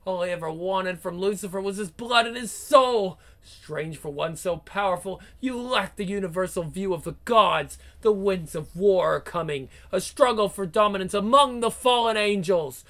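A woman voicing a cruel, seductive vampire queen in a comic book read-aloud, with slow, taunting, theatrical delivery and growls. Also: mid-range voice, a bit bright, natural voice. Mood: gloating.

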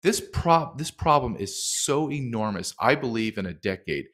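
Man, middle-aged, impassioned, emphatic, swinging pitch, interview guest. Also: very animated, normal speed, a bit bright. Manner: impassioned, emphatic, acts out quotes. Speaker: documentary filmmaker guest. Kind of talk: heated interview talk.

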